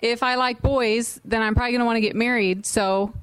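Quick-talking woman reading questions. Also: fairly high pitch, steady tone, poor audio. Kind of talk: casual Q&A chat.

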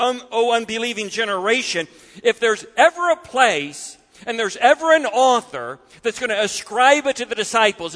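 The long reverb of a large hall carries this man's bright, ringing, high-pitched voice as he delivers an animated, expressive sermon. He performs different voices and occasionally falls abruptly quiet.

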